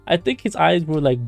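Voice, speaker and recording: Jokey male streamer, animated pitch. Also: vocal fry. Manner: jokey, laughs and riffs while reading a game. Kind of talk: casual live-stream commentary.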